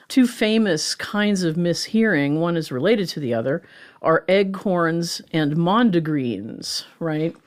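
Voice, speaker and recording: Chatty woman in her sixties. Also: fairly low pitch. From Pittsburgh, USA. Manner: animated and chatty, explains with rhetorical "right?" and quick laughs. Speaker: linguistics professor, guest. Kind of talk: conversational lecture in an interview.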